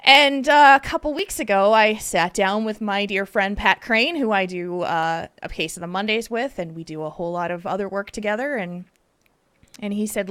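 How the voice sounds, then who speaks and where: A woman hosting a podcast in casual, chatty talk, animated and rambling with fillers. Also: mid-range voice, moderate pace, clean tone, dry recording. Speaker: podcast host.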